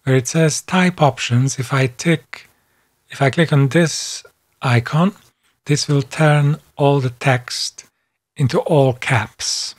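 A man calmly narrating a screen-recorded software tutorial, step by step. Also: mid-range voice. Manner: calm, step-by-step, unhurried. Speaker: software instructor.

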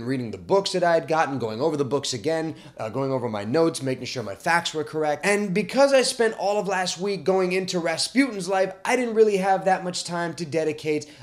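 A young male host talks through history in a relaxed, conversational way, with a slightly high voice. He is animated and informal, tossing in fillers and restarts as he explains. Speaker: podcast host.

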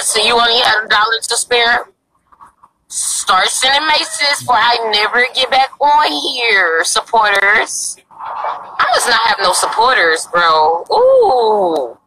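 A woman's voice: a little high, background noise. A young woman livestreaming outdoors in a parking lot on her phone, talking in a brash, crude and pleading way. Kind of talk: casual live-stream chat.

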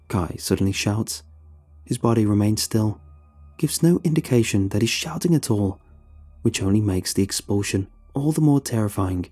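A man narrating a scripted horror story in a steady, suspenseful manner. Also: lowish voice, normal speed, breathy edge. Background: faint background music.

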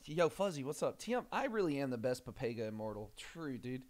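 A young man streaming a game, chatting casually, swearing often and rambling excitedly. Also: medium pitch, a little fast, hardly any pauses. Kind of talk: casual livestream chat.

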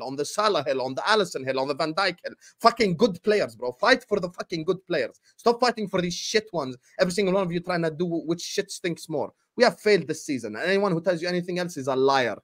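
A man's voice: high voice, animated, fairly quick, few pauses. A man ranting as a football fan pundit on a panel show, profane and exasperated. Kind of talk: heated fan panel talk.

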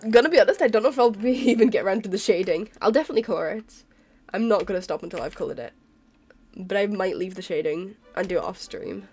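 A tired woman streamer yawns as she draws and chats casually, rambling, apologizing, and laughing often. Her mid-range voice has a darkish, slightly rough tone.

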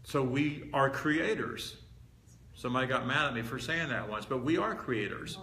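A man's voice: medium pitch, normal speed, pushed and bright. A man preaching a teaching sermon to a live audience, conversational and emphatic, leaning hard on repeated key words. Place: meeting hall with a live audience. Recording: roomy hall echo, faint background hiss.

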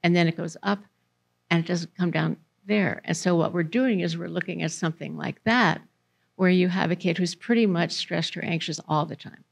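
A woman's voice: fairly low pitch, moderate pace, vocal fry. A woman giving a conversational presentation to parents in a library meeting room, putting questions to the audience.

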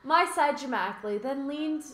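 A young woman with a high, bright voice reads a visual novel aloud for a let's play. She is animated and playful, breaking off for laughs and crude jokes. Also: fairly quick, a little hiss or hum. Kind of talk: reading a visual novel aloud with joking asides.

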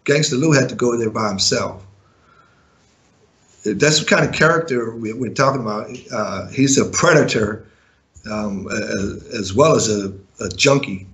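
A man who once managed a music group, giving an interview and telling his side with indignant, animated storytelling full of fillers and restarts. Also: on the low side, measured pace. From living in Europe.

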